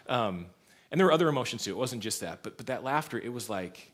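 In a church, a pastor in his thirties preaches a sermon full of stories, laughing along as he goes. His voice is lowish and fairly quick, with lively shifts in loudness.

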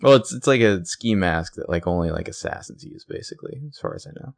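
A man with a low voice talks through a TV episode in a casual podcast chat. He is playful and animated as he retells scenes. The sound is dry and close, with no room around him. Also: fast, gravelly, no room sound. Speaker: podcast co-host.

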